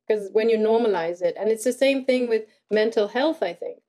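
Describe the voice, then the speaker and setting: A woman's voice: on the high side, moderate pace, few pauses, dark tone. A woman in casual conversation, speaking in a thoughtful, earnest way. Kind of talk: casual chat.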